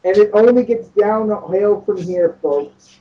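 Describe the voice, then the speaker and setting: A man's voice: sits high, measured pace. Sarcastic male co-host on a dull mic. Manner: dry, sarcastic remarks. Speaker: podcast co-host. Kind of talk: casual podcast chat.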